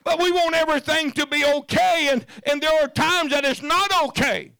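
A man preaching a sermon, moving from quiet scripture reading to shouted preaching and often repeating his words as he gets worked up. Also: very high-pitched, moderate pace, vocal fry, no echo. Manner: repeats words and restarts when fired up.

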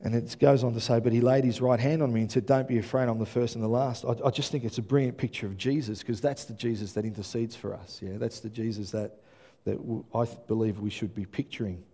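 An earnest male preacher delivers a sermon in a mellow, dark-toned voice. He stumbles over and repeats words, then climbs to loud, emphatic peaks. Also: mid-range voice, fairly even intonation, quick pace.

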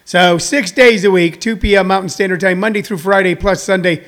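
Middle-aged man, light high voice, rambling live-show host, slightly winded. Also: steady tone, brisk, fairly bright tone. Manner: rambling, chatty, jokey asides. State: a little out of breath. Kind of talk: live-stream talk show monologue.

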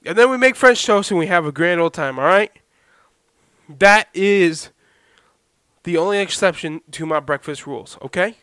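A young man hosting a solo podcast, talking loudly to listeners on a badly set microphone and checking in with "okay?" and "all right?" again and again. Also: a little high, expressive, moderate pace, long pauses, clear, resonant tone, dry recording, clean studio sound. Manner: loud, talks to listeners with repeated "okay?". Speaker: podcast host. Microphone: poorly set podcast microphone.

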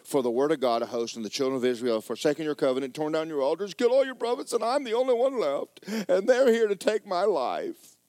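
A man voicing a whiny, self-pitying male prophet who wails and complains in a high, strained voice. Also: expressive, fast, darkish tone, dry recording, natural voice.

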